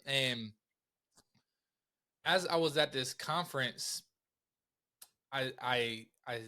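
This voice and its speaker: A man with a bright, forceful voice tells his own story as a podcast guest. He talks casually, with slang, frequent laughs and lively acted-out dialogue. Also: mid-range voice. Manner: animated, slangy, acts out quotes, laughs often.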